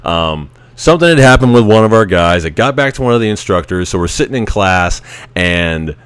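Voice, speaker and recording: A low-voiced man in his thirties swaps service stories in a loose, rambling way. He chuckles as he goes and keeps restarting his sentences. His voice is smooth and the sound is close and dry. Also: expressive, a little fast, a bit bright, no room sound. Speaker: Navy veteran telling stories. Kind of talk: casual anecdotal storytelling.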